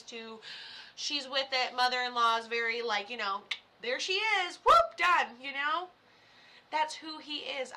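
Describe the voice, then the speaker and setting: A woman's voice: on the high side, bright, forceful tone, slight background noise. A woman from Florida, a medium live-streaming in a casual, chatty way, swearing now and then and talking straight to viewers. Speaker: psychic medium livestreamer.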